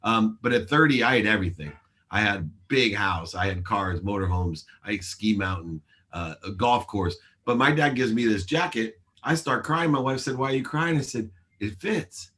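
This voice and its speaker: A man's voice: fairly low pitch, moderate pace, pushed and bright. A man in his forties, a show host, telling his life story in an interview with earnest, emphatic delivery and acted-out dialogue.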